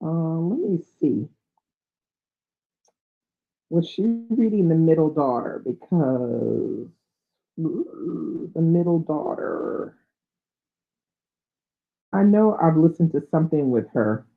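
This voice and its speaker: This book channel host speaks low and slowly with lively intonation and frequent pauses. Live on a tinny, phone-like line, she reads out viewer comments and muses aloud, using fillers.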